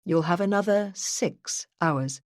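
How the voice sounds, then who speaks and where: A man's voice: sits high, dry recording, studio quality. Woman reading a weary formal judge. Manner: formal, measured ruling. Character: weary male court judge.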